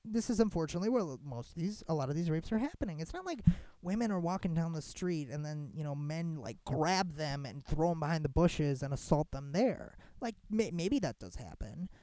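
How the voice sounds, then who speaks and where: A young adult host talks straight to listeners in a loose, heated monologue, full of "like", restarts and swearing. The pitch jumps around a lot as the speaker gets worked up. The sound is close and dry, with no room echo. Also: a little fast. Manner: animated and profane, heavy filler "like", frequent restarts. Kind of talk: casual monologue, ranting commentary.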